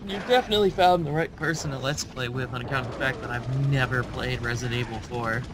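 A man's voice: mid-range voice, quick pace, noisy background. A man co-hosting a let's play, trading sarcastic, argumentative banter. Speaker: co-host.

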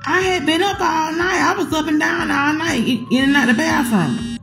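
A woman voicing a gentle elderly woman in a soft, slow, high old-lady voice. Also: gravelly, faint music behind.

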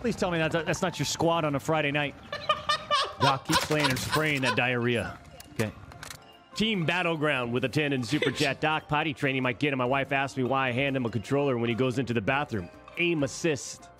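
A man's voice: medium pitch, fairly quick, over music. A man streaming live, reading viewer donations aloud with brash, mock-serious banter. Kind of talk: theatrical livestream banter.

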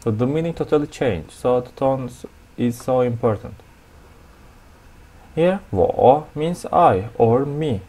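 A male teacher with a Turkish accent walks through a lesson at a whiteboard. He speaks at an unhurried, careful pace and repeats each new word, in a voice of middle pitch. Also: expressive, mellow. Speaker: language teacher. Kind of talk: explaining a language lesson at a whiteboard.

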